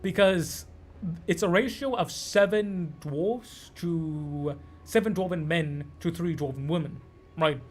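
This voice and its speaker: A man's voice: on the high side, takes it slowly. A man from Canada giving loose, sweary, rambling commentary while streaming a game. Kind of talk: casual gameplay commentary.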